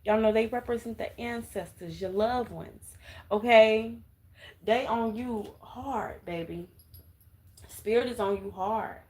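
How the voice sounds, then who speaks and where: A woman's voice: on the high side, slow pace, darkish tone. Emphatic woman giving a tarot reading. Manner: emphatic, coaxing, with repeated "okay?" asides. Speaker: tarot reader. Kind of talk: casual tarot reading to viewers.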